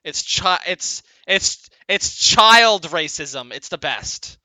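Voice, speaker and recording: In casual tabletop game narration, a young man acting as dungeon master laughs a lot and keeps abandoning and restarting sentences. He speaks slowly with few pauses, in a high, expressive, sharp-toned voice, recorded dry.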